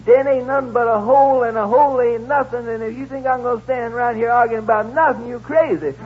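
A man's voice: very high voice, fairly even intonation, fast, slightly rough, voice pushed up. A man playing a stubborn working-man porter who talks back bluntly in slang. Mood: defiant. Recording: dull old radio recording.

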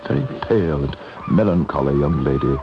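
A man's voice: very deep voice, expressive, brisk, music in the background. A man narrating and playing the composed, genteel lead of an old-time radio drama. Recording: dull old radio recording with noise.

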